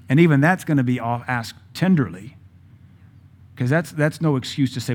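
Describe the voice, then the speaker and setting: A man's voice: mid-range voice, fairly quick, a little mellow. A man preaching a sermon, telling a personal story in a conversational way and quoting scripture in old English. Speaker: pastor.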